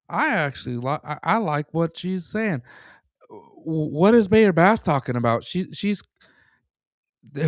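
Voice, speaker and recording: A man's voice: fairly high pitch, no echo, studio quality. A man co-hosting a podcast, talking emphatically with stammered restarts. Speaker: podcast co-host. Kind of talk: casual chat.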